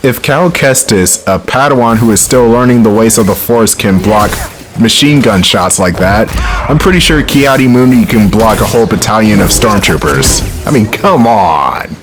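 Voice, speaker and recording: A man's voice: lowish voice, expressive, moderate pace, music in the background. A man hosting a let's play, giving casual, joking gameplay commentary full of rambling tangents.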